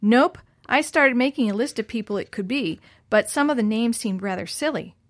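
A woman's voice: fairly high pitch, animated, moderate pace, no room sound, lightly acted. A woman reading the lines of an eager young boy in a storybook, in a dry, close voice. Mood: earnest. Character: eager boy who uses a wheelchair.

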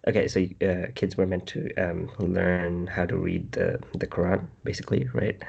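A man's voice: deep voice, level tone, measured pace, creaky, a little mellow, slightly rough, dull audio. A man, from Bangladesh, chatting and joking as a podcast guest. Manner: joking, self-mocking, trying on accents. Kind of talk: casual chat.

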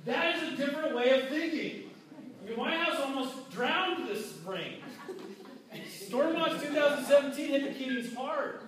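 A man preaching a casual, animated sermon with restarts, acting out quoted voices. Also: extremely high pitch, normal speed. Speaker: pastor. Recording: very echoey hall, mic far off.

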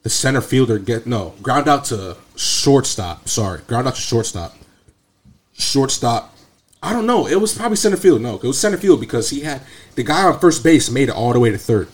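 A young man casually telling an animated, slangy story full of profanity. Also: medium pitch, moderate pace. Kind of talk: casual chat.

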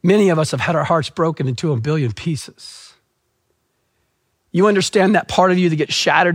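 A middle-aged male pastor preaching, emphatic and full of repeated phrases, acting out the people in his stories. His voice sits a little high for a man and sounds close and dry, with no room echo. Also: breathy edge. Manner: emphatic storytelling, repeats key phrases, acts out quotes. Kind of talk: sermon.

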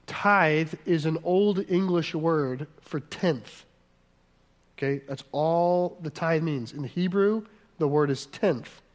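Guy preaching, fairly high voice, earnest, drags words out for emphasis. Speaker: pastor. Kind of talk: sermon.

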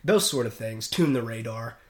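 A man's voice: mid-range voice, lively intonation, normal speed. Male sailor guest, chatty storyteller, loose and rambling delivery. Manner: rambling, many restarts and fillers. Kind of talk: casual storytelling.

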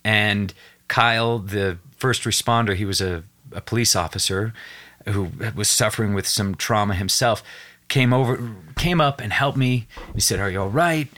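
An earnest young man tells a personal story on a podcast, his voice sitting a little low. He acts out the other people's lines as he goes, and he tells it with real emotional weight. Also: normal speed. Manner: earnest, animated retelling with acted quotes. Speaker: podcast guest.

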